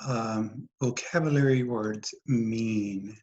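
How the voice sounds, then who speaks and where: A teacher walks through a phonics lesson at an unhurried, deliberate pace. The voice is patient and steady, repeating each word and pausing to ask the listener questions. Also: mid-range voice, lo-fi sound. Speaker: dyslexia teacher.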